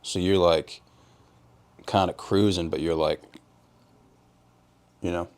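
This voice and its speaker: Casting: podcast host from Rhode Island, young man with a low, deep voice, easygoing chat full of "dude". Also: fairly even intonation, slow pace, a little mellow, smooth. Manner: laid-back, says "dude" a lot, laughs hard. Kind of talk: casual chat.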